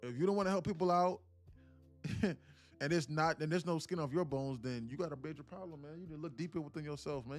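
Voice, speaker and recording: Blunt casual male streamer, fairly high voice, faint music underneath. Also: a little fast. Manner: emphatic, blunt, keeps calling out to viewers; casual with swearing. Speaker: day trading streamer. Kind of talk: live-stream coaching talk.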